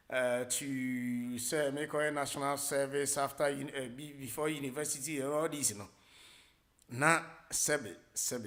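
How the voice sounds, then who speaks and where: A middle-aged man with a Ghanaian accent hosting a radio talk show, rambling casually, mixing English with Twi and filling pauses with many hesitations. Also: mid-range voice, fairly bright tone. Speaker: radio host.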